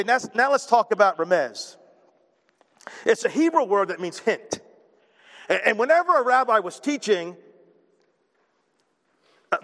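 Animated high-voiced male preacher in a hall. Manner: animated, conversational, repeats words when starting a thought. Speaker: pastor. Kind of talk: sermon. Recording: long reverb of a large hall.

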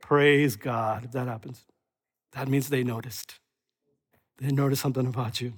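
A male pastor preaching a lively sermon, asking the congregation rhetorical questions and sometimes acting out other people's voices. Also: mid-range voice, moderate pace, breathy edge. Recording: long reverb of a large hall.

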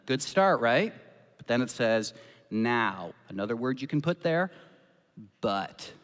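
A man's voice: a little high, animated, unhurried. A man preaching a sermon as pastor, impassioned and acting out the voices he quotes. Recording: long reverb of a church hall.

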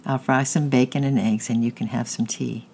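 A narrator voicing a gentle, caring mother who talks calmly and reasons with her daughter. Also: medium pitch, normal speed, gravelly, a little hiss or hum, close to an everyday voice.

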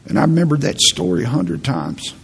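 A man's voice: medium pitch, big pitch swings, brisk. A middle-aged male pastor preaching a sermon, telling stories in an earnest, pastoral way. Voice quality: gravelly, husky. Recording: long reverb in a large hall.

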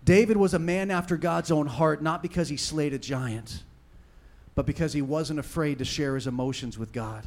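A man preaching a sermon with passion, moving from hushed talk to shouting and reading scripture with dramatic emphasis. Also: on the high side, moderate pace. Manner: impassioned, swinging from hushed to shouting. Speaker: pastor.

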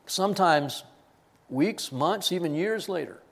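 A man's voice: sits high, lively intonation, unhurried, vocal fry. A man preaching a sermon, telling stories with laughs and quoted voices. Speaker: pastor.

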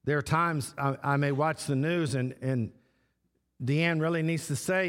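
A man preaching a sermon as pastor, slow and repetitive, stressing short phrases again and again. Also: mid-range voice. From Texas. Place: church sanctuary. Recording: long church hall reverb.

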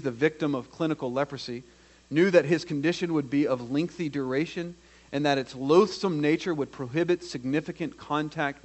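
A man preaching a sermon, acting out quoted voices and swinging from hushed to loud. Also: medium pitch. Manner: dramatic, acts out the quoted voices.

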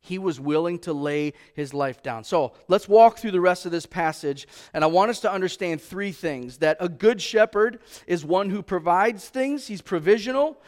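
A man preaching a sermon in a church, talking conversationally with lots of rhetorical questions and slowing down to stress scripture quotes. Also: high-pitched, animated. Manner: slows for emphasis on scripture quotes. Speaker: pastor.

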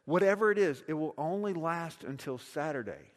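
A man's voice: on the high side, animated, normal speed. A middle-aged man, preaching a sermon in a casual, conversational way and repeating phrases for emphasis. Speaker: pastor. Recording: long reverb of a large hall.

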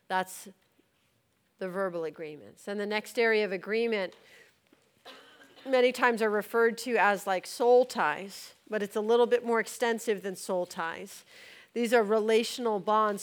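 Smooth-voiced woman preaching. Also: medium pitch. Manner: earnest, conversational, with light laughs. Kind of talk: teaching on deliverance and prayer.

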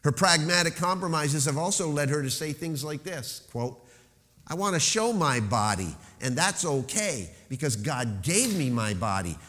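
A man preaching a sermon as pastor, emphatic, slowing to stress key phrases and dropping into rhetorical questions. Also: a little high, very animated, fairly bright tone, long reverb tail.

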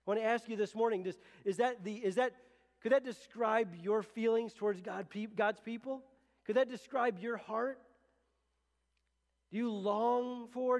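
A man with a notably high-pitched voice preaches to his congregation in an earnest, conversational way, often circling back and restarting his phrases. His voice carries with a long reverb from the church hall around him. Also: a little slow, a little mellow. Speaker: pastor. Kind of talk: sermon. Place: church sanctuary.

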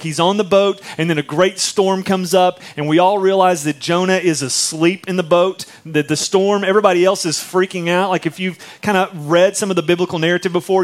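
Male pastor, higher voice, conversational storytelling sermon. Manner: conversational, animated storytelling with frequent asides.

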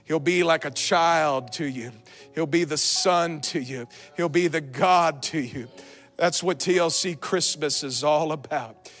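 A man, a pastor, preaching a sermon that moves from calm storytelling to fervent altar-call exhortation. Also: fairly high pitch, unhurried, soft background music. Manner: builds to fervent shouted exhortation; calm storytelling, quiet asides.

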